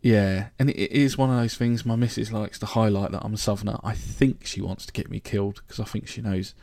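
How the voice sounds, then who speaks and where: London bloke for a solo podcast: gravelly, low-ish voice, dry close sound, rambling and jokey. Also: male voice, steady tone, fairly quick, dark tone, no echo. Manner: chatty, joking, rambling. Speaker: podcast host. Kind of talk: casual solo podcast monologue.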